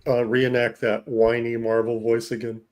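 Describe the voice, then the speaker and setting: A man's voice: mid-range voice, completely flat delivery, moderate pace. A man co-hosting a podcast who asks curious, teasing questions in casual chat. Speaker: podcast co-host.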